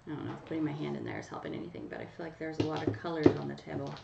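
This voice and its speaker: A chatty woman from Canada hosts a live stream, talking straight to viewers by name. Her voice has a gravelly edge and sits back from the mic, in a roomy space. The sound is dull and lo-fi. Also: deep voice, steady tone, very fast, warm tone, recorded from a distance, slight background noise. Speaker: livestream host running a nail polish giveaway. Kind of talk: casual live chat to viewers.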